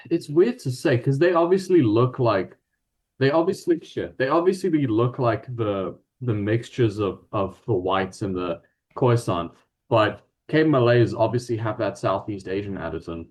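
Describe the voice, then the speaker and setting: A man's voice: medium pitch, expressive, unhurried, a little mellow. A man with an Afrikaans South African accent talks in a loose, casual way. He stumbles and restarts as he explains things and drops swear words without much thought. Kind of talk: casual chat.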